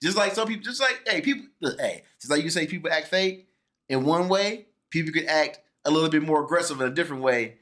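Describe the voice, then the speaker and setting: A man hosting a casual podcast chat, talking in an animated way, often restarting and repeating his words. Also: fairly high pitch, fast. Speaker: podcast host.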